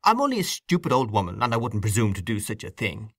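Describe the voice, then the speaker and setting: A man's voice: lowish voice, very animated, fast, no room sound, studio quality. A man reading an audiobook voices an indignant elderly aunt who scolds in a huffy tone. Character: indignant elderly aunt, a fussy old woman.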